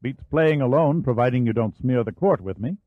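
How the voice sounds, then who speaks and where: A genial, easygoing American historian, as a male narrator puts him on, chatty and a touch higher than the narration. It sounds dry and phone-thin. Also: animated, brisk, no echo, lightly acted. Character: friendly American Senate historian, middle-aged man. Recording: dry, phone-like narrow band.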